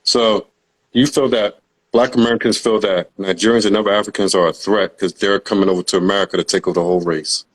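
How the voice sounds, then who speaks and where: A man with a fairly low voice leads a relaxed live discussion. He talks it through in an easygoing, conversational way. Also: fast. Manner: conversational, mimics others in a high voice. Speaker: host. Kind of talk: casual discussion on a live stream.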